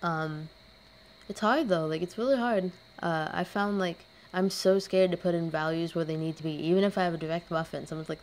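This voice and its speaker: Young woman, lowish voice, casual rambling voice-over, self-deprecating. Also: normal speed, darkish tone, a little hiss or hum. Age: young adult. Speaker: artist narrating a speed paint.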